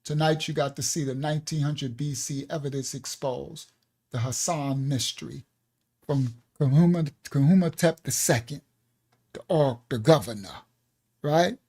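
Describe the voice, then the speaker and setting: A man's voice: a little high, moderate pace, a little mellow. A man leading an online Bible lesson as pastor, talking in a loose, repetitive way with laughing asides.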